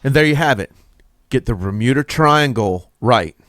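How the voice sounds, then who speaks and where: A man, a mixing engineer, explaining his process in a relaxed, casual tutorial, correcting himself as he works. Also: mid-range voice, moderate pace, dry recording, clean studio sound, faint music behind. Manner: relaxed, explains while working, with fillers and self-corrections.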